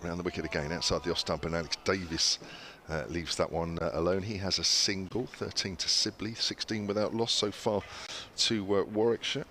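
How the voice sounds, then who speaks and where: A man giving relaxed ball-by-ball cricket commentary, chatty and full of small fillers. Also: deep voice, fairly quick, few pauses, a little hiss or hum.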